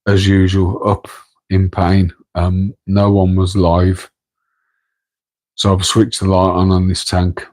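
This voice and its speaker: A man with an English Midlands accent chatting on a late-night live stream from home. His voice sits very low and stays flat, with little rise and fall. He rambles, makes fun of himself and talks back to the comments, keeping quiet so he won't wake the house. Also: takes it slowly, rough recording. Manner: rambling, self-deprecating, chatting to viewers in chat. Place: home, room next to an aquarium tank. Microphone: microphone on a tripod.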